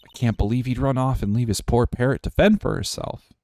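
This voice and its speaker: A man's voice: medium pitch, a little fast, darkish tone, no echo, studio quality, pitched above the performer's own voice, close to an everyday voice. A man doing an eager young woman. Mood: sad. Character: eager young female assistant, mischievous.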